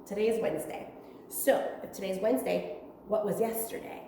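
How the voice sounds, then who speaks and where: A young woman teaching a virtual preschool lesson in a room with windows, talking slowly in a sing-song way to small children. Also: medium pitch, warm tone, far from the mic, a little hiss or hum. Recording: echoey room with long reverb.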